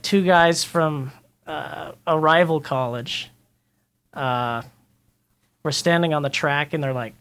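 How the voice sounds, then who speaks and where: A man guest telling a story in casual chat, acting out the people he quotes. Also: high voice. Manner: animated, acts out quotes.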